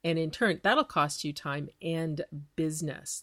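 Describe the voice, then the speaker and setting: A chatty woman hosts a small business podcast and gives advice at a brisk clip. Her voice sits a little low for a woman. The sound is close and dry, with no room echo. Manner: lively, chatty, quick-talking with laughs.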